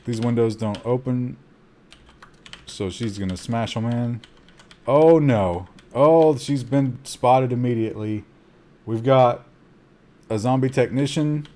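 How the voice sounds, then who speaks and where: Slow-talking man narrating a game. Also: medium pitch. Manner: excitable, gasping reactions between calm asides; talks to chat. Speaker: streamer playing a survival game. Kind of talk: live game commentary.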